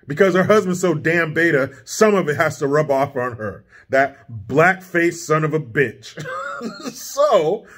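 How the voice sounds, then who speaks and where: A high-voiced man delivers a profane, combative political rant for his vlog. His tone is sarcastic and cutting, and he speaks from a home studio. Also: big pitch swings, a little slow, fairly bright tone. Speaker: vlogger, political commentator. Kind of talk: ranting political commentary vlog.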